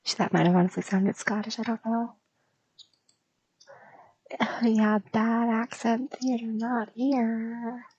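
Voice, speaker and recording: A young woman streamer rambling casually in an ASMR style, soft and drifting into whispers, with a slight stutter. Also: fairly high pitch, level tone, slow pace, pauses often, breathy edge, no echo, lo-fi sound.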